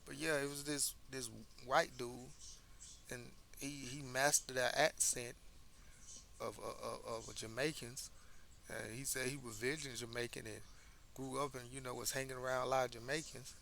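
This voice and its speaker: Man, gravelly edge, bright tone, emphatic casual commentary, faint background hiss. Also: medium pitch, flat delivery, moderate pace. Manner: conversational, emphatic, repeats words when restarting. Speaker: commentary host. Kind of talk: casual social commentary monologue.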